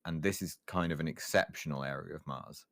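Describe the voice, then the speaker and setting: A man's voice: a bass voice, fairly quick, crowd noise. A man chatting casually on a podcast, hesitant and laughing often. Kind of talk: casual chat.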